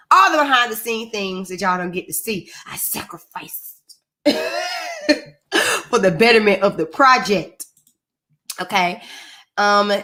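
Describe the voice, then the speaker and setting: A woman's voice: mid-range voice, fairly bright tone. A woman hosts her own live stream in a playful, chatty way. She speaks in an easygoing register, addressing viewers directly as if they were friends. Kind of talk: casual chat to viewers.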